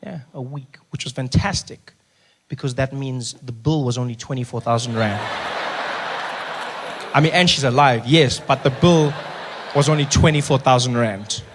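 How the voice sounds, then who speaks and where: A male stand-up comedian, telling animated stories and acting out voices. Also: medium pitch, normal speed, slight background noise. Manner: animated, acts out characters, shouts at punchlines. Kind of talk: stand-up storytelling. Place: live comedy venue with audience.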